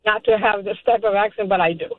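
A woman's voice: mid-range voice, steady tone, quick pace, no echo. A woman caller with a Cape Verdean accent, talking emphatically and skeptically on a call-in radio show. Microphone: phone. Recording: tinny phone line.

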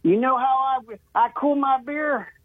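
A man's voice: extremely high pitch, unhurried, no echo. A male caller phoning into a radio show, joking around in a drawling manner. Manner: joking, drawling, says "y'all". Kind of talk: call-in chat. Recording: tinny phone line.

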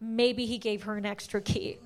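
A woman's voice: medium pitch, flat delivery, normal speed. A woman performing a stand-up comedy set, brash and crude, firing off self-mocking punchlines. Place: comedy stage before a laughing audience.

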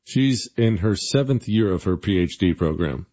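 A man hosting a talk radio show, mocking his targets sarcastically and then selling a supplement with loud sales patter. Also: low-pitched, expressive, normal speed. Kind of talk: opinionated talk radio with live ad reads. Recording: dull lo-fi radio audio.

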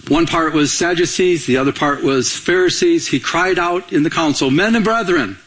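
A male pastor preaching a sermon in an animated way, acting out everyday dialogue and repeating himself as he talks. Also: a little high, moderate pace. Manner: animated, acts out quoted dialogue, frequent repetitions.

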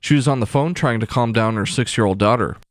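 Male radio news anchor, steady and clipped, dry studio sound. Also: mid-range voice, fast talker, no room sound. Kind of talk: radio newscast. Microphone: studio mic.

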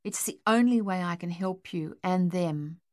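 A woman voicing a worried mother who pleads with her son in a hushed voice. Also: lowish voice, measured pace, no room sound, studio quality, close to an everyday voice. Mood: pleading.

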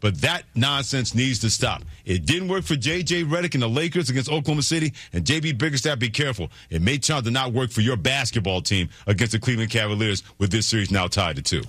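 A man's voice: mid-range voice, lively intonation, fast talker, few pauses, a bit bright, no echo. Emphatic man scolding in sports talk. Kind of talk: animated sports commentary.

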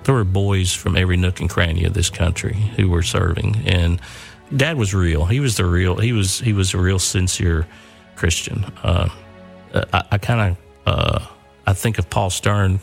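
An older man earnestly telling a family war story, pausing and repeating words as he goes. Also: low-pitched, steady tone, creaky, faint music behind. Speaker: son telling his father's war story.

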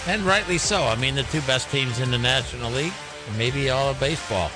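A man's voice: mid-range voice, fairly quick, over music. Casual male sports radio co-host. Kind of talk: radio segment talk.

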